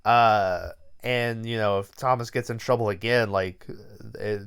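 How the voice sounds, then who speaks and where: Young guy, podcast co-host: clear, smooth voice, rambling, profane, filler-heavy recaps. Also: fairly low pitch, fairly even intonation, measured pace, fairly bright tone. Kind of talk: casual movie review chat.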